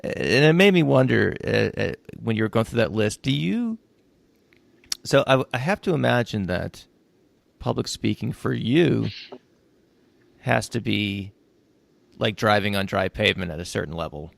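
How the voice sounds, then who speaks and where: A man's voice: fairly low pitch, animated, normal speed, creaky, dry recording. A man hosting a podcast, asking casual questions with hesitant restarts and many fillers. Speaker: podcast host.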